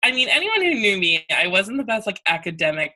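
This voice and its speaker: A woman's voice: mid-range voice, big pitch swings, fairly quick, sharp tone, low-quality recording. A young Canadian woman co-hosting a podcast, chatting casually, laughing often and filling her talk with "like". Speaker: podcast co-host. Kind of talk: casual chat.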